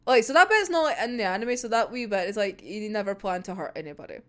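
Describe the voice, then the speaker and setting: Excitable young woman gushing over a manga. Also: a little high, normal speed, smooth. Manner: excitable, rambling, swears a lot, laughs often. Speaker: manga reaction vlogger. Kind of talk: casual chapter recap and reaction.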